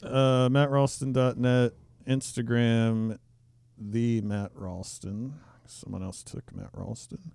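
A man's voice: mid-range voice, level tone, slow pace, creaky, darkish tone, clean tone, dry recording. A man co-hosting a podcast, telling understated stories in casual banter. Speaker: podcast co-host.

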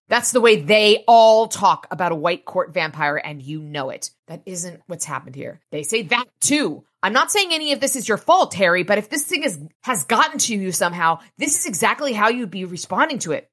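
A woman podcast host with a fairly low, bright voice reads passages from a novel and retells scenes in casual commentary, swearing freely. She talks animatedly and a little fast, switching between reading and retelling and giving the characters mild voices.

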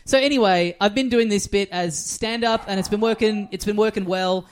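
A man's voice: sits high, normal speed, a little hiss or hum. A man with an Australian accent, co-hosting a comedy podcast and telling a long self-mocking anecdote full of "like" fillers. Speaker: podcast co-host. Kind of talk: casual comedic storytelling.

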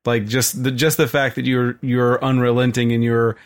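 A man co-hosting an interview, speaking haltingly with many restarts. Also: mid-range voice, little pitch movement. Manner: halting, restarts often while praising. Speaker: podcast co-host. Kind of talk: conversational interview.

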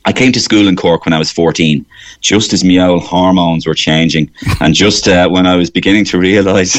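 Low-voiced Irish man telling anecdotes. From Ireland. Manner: rambling, anecdotal, slips into character voices. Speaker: comedian and impressionist. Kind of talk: radio interview chat.

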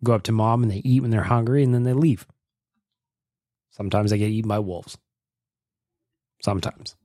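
A man's voice: lowish voice, normal speed, warm tone, dry recording, studio quality. A man hosting a casual podcast, joking, swearing and laughing as he reacts to listener voicemails. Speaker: podcast host.

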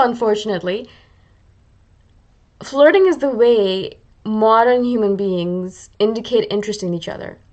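A woman with a mid-range voice hosts a podcast, delivering a chatty, self-mocking casual monologue in which she acts out her own thoughts. The sound is lo-fi.

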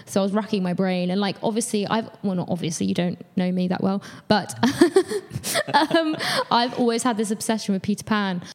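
A young woman with a London accent chats casually as a guest, laughing often and poking fun at herself. Her voice sits at a middle pitch. A long reverb trails after each phrase. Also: moderate pace, hardly any pauses, darkish tone. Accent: London English. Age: young adult. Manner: giggly, chatty, self-deprecating. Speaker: guest, musical theatre actor. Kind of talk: casual chat.

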